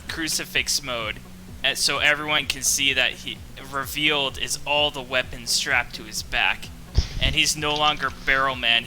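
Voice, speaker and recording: A man playing a tabletop game, describing his character's attack in an animated, stumbling way with swearing. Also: medium pitch. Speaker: player.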